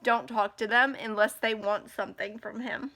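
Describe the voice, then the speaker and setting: Bright-voiced emotional young woman vlogger. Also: a little high, fairly even intonation, normal speed. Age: 20s. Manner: upset and angry, swings between ranting and near tears. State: emotional, close to crying. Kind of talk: emotional personal vlog.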